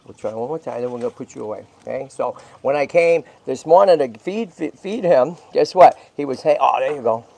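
Handling a baby squirrel on a casual livestream, a man coos softly to it and keeps checking in with "right?" and "okay?" His mid-range voice is expressive and creaky, moving a little fast with few pauses. He runs the channel and rescues tortoises.

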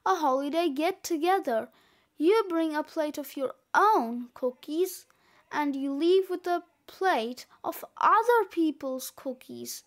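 A woman's voice: high-pitched, animated, slow, exaggerated voice. A woman reading aloud and voicing an older grandfather who speaks with mild, dry manners.

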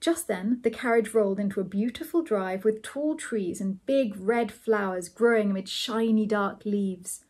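A woman reading a novel aloud as storybook narration, measured and lightly amused. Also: medium pitch, darkish tone. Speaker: reader of a novel.

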